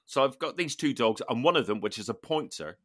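A man hosting a podcast, telling a funny story in casual chat with animated, laughing delivery. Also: mid-range voice, fairly quick, dry recording, studio quality. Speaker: podcast host.

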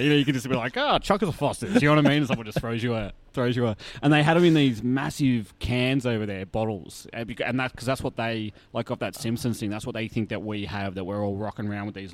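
A man with an Australian accent, chatting as a podcast guest, lively with lots of fillers and laughs. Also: medium pitch. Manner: chatty and animated, many fillers, laughs often. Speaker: guest, brewery tour operator. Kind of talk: casual podcast interview.

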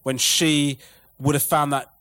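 Animated, swearing man telling stories. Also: fairly high pitch, measured pace. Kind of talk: casual storytelling chat.

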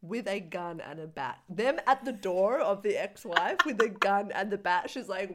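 An Australian woman co-hosting a podcast, retelling film scenes in a casual chat, animated and laughing as she acts them out. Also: medium pitch, moderate pace, hardly any pauses, background noise. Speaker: podcast co-host.

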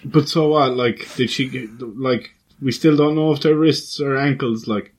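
A man's voice: mid-range voice, a little slow, poor audio. A man co-hosting a casual podcast chat, laughing often and swearing as he tells anecdotes. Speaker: podcast co-host.

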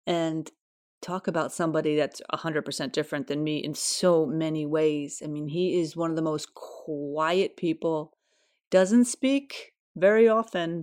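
Chatty woman podcast host, lowish voice. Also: a little mellow. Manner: chatty, personal storytelling. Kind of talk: casual podcast chat. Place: home.

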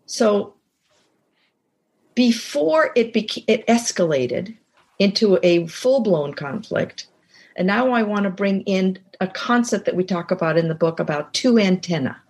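A woman's voice: medium pitch, expressive, unhurried, darkish tone. An older woman, a podcast guest, telling a personal story in a reflective way and acting out bits of dialogue. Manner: reflective, acts out quoted dialogue. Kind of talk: storytelling in casual chat.

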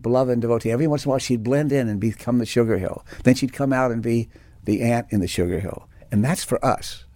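A man's voice: medium pitch, fast talker, a little mellow, no room sound. A man giving a reflective spiritual talk, telling personal stories with many restarts and fillers. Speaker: spiritual teacher.

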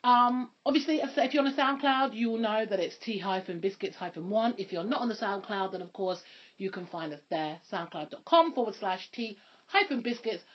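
A woman's voice: medium pitch, fairly quick. A woman co-hosting a podcast, chatting casually with slang and laughing often. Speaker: podcast co-host. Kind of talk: casual chat. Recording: dull lo-fi podcast recording.

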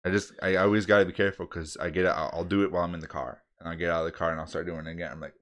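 A man with a very low, deep voice chats casually. He talks in a relaxed, rambling way and pokes fun at himself as he goes. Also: rapid-fire. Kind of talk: casual chat.

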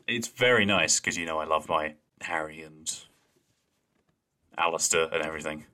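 A man co-hosting a podcast with a low voice. His tone has a bright, forward edge. He talks in an animated, playful way and laughs easily. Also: normal speed. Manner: animated, laughs easily, does mocking impressions of deadpan lines. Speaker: podcast co-host. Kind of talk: casual chat.

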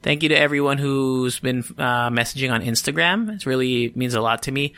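A man's voice: medium pitch, brisk, sharp tone, clear, resonant tone, no echo. A man hosting a casual solo podcast, a little sleepy, rambling, swearing freely and often cutting himself off mid-sentence. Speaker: podcast host.

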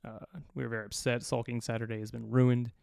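A man hosting a podcast, telling a long personal story in a profane, animated, self-mocking way. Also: mid-range voice, brisk, vocal fry, dry recording, clean studio sound. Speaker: podcast host. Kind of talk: casual storytelling.

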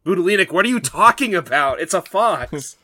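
Sarcastic joking man with a bright voice. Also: high-pitched, lively intonation, a little fast. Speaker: podcast co-host. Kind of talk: comic chat.

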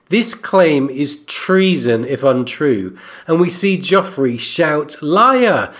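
A man co-hosting a book discussion podcast, narrating and analyzing in a steady way. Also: a little high. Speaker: co-host.

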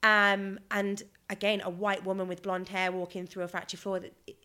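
A woman from Leicester in England chatting casually on a podcast, telling stories and reacting quickly. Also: mid-range voice, flat delivery, bright, forceful tone, clear, resonant tone. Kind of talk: casual chat.

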